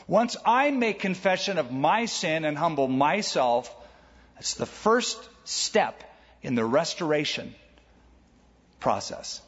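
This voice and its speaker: A male pastor preaching with a husky, slightly raised voice, telling stories and driving home his points emphatically. His voice rings with the long reverb of a large church. The sound is a little dull and muffled. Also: on the high side, lively intonation, slow pace, a bit bright. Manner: storytelling, emphatic, conversational. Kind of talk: sermon. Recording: echoey hall, dull sound.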